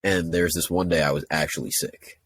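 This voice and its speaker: A man's voice: low voice, fairly even intonation, brisk, fairly bright tone, husky, dry recording. A young man co-hosting a podcast, rambling through a funny school story with swearing. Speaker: podcast co-host. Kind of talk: casual chat.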